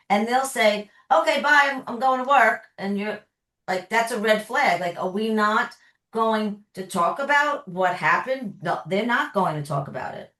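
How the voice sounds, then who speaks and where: A woman therapist answers questions conversationally, explaining things through everyday examples. Her voice is medium in pitch with a fairly bright tone, and the recording carries an echoey room sound.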